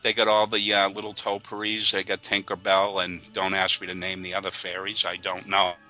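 A man's voice: low-pitched, completely flat delivery, a little fast, sharp tone, soft background music, low-quality recording. A man with a New England accent co-hosting a podcast, chatting casually with frequent fillers and restarts. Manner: hesitant, many fillers and restarts. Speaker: podcast co-host. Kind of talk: casual chat.

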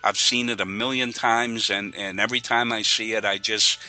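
A man's voice: fairly low pitch, fairly even intonation, moderate pace, bright, forceful tone, poor audio. A man with a New England accent co-hosting a podcast, chatting casually with frequent fillers and restarts. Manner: hesitant, many fillers and restarts. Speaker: podcast co-host. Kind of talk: casual chat.

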